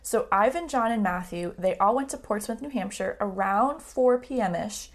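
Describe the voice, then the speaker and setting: A woman co-hosting a true-crime podcast in easygoing conversation. She often agrees with short fillers, and her pitch sits in the middle range. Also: normal speed. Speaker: podcast co-host. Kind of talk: casual true-crime chat.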